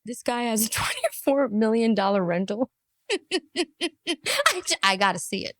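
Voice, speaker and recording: A woman giving amused reaction commentary, mocking and laughing between remarks. Her voice is bright and lively, swinging up and down. The recording is close and dry. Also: fairly high pitch, measured pace, no echo.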